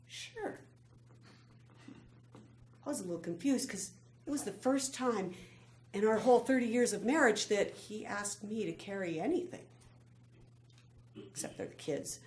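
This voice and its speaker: A middle-aged woman giving a prepared personal speech, telling her story in a slow, measured way with pauses. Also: medium pitch, expressive, a little mellow. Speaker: club speaker. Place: meeting room. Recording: echoey room, faint background noise.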